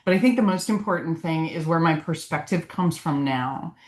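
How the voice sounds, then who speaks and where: A woman's voice: low-pitched, normal speed. A woman, a physician, giving a casual continuing-education lecture in an earnest, heartfelt way. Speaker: physician presenter. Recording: echoey room.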